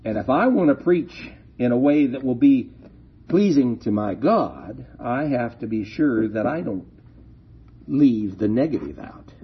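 A man preaching a sermon, slow and deliberate, leaning hard on key words. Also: mid-range voice, very animated, husky. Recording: dull lo-fi recording.

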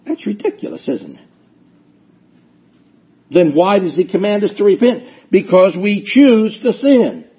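A man's voice: high-pitched, expressive, a little slow, pauses often, breathy edge, muffled recording. A man preaching a sermon with emphasis, repeating his key phrases and acting out people's excuses.

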